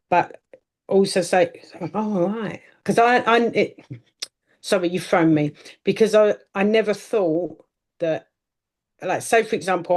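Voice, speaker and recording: A woman learning hypnotherapy asks question after question, stopping and restarting as she thinks aloud. Her voice sits fairly low for a woman. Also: darkish tone. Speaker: trainee hypnotist. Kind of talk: casual chat, asking questions.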